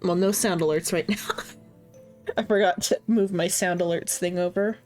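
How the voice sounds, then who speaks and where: A woman's voice: on the low side, fairly even intonation, normal speed, a little mellow, soft background music. A woman hosting a live-streamed tabletop game as game master, easygoing and a little scattered.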